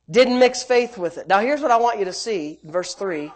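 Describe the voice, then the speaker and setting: A preacher delivering a sermon, swinging between loud emphatic bursts and quiet low asides, stretching key phrases and calling on the congregation. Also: normal speed, few pauses. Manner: repetitive, calls on the congregation.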